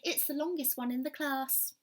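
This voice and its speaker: A woman's voice: high voice, moderate pace, pitched above the performer's own voice, lightly acted. A woman playing a bossy little know-it-all girl. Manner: bossy, matter-of-fact.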